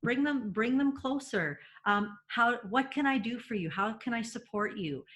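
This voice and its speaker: A woman's voice: on the high side, lively intonation, moderate pace, fairly bright tone. Chatty mother on a video call. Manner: chatty, self-correcting, many fillers. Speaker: parent guest. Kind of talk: casual webinar chat.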